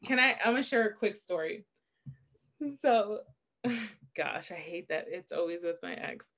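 A woman's voice: fairly low pitch, animated, measured pace, a bit bright. A young adult woman co-hosting a podcast, telling a long personal story in casual chat and laughing often. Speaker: podcast co-host.

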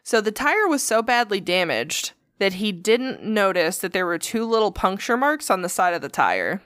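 Big pitch swings mark this woman's mid-range, fairly bright voice as she talks at normal speed. Co-hosting a podcast, she chats profanely and acts out quotes while telling a story, recorded cleanly in a studio with no echo.

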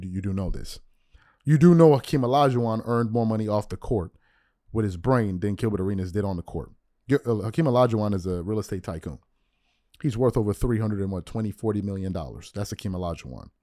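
Blunt, lively sports commentator. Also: male voice, on the low side, no echo, studio quality. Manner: blunt, mocking, animated, teasing then insisting it's jokes. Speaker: sports commentary podcast host. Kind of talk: opinionated sports commentary monologue.

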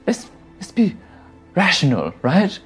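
A man's voice: high-pitched, wildly swooping pitch, takes it slowly, breathy edge, soft background music, voice pushed up, exaggerated voice. A man voicing a refined male adventurer who bargains in a polished, wheedling tone. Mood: bargaining.

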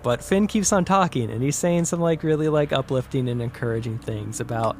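A man on a podcast casually retelling a short film idea, acting out the characters' lines with big jumps in voice and hushed whispers. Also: mid-range voice, brisk, hardly any pauses, a little hiss or hum. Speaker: podcast co-host.

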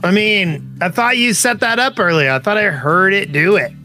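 High, bright-voiced joking man. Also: normal speed, soft background music. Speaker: podcast co-host. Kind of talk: casual chat.

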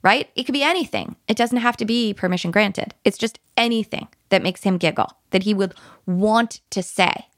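A woman parenting coach who talks emphatically and dips into a hushed whisper when she models soothing words to a child. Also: medium pitch, normal speed, hardly any pauses, no room sound, clean studio sound.

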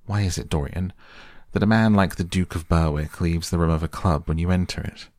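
A man voicing a grave, earnest gentleman painter in a soft bedtime audiobook reading. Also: fairly even intonation, a little fast, dry recording, studio quality. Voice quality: grave, deep. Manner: earnest, pleading.

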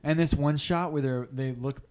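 A man's voice: a little high, normal speed, a little mellow. A man hosting a podcast, chatting casually and laughing often while watching a movie at home, slipping into playful impressions. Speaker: podcast host. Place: living room at home.

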